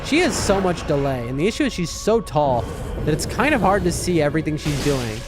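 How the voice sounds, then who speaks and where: Rambling East Coast guy chatting with viewers over game music, animated delivery. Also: a little high, brisk. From East Coast of the United States. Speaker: gaming streamer. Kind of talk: casual chat with viewers while gaming.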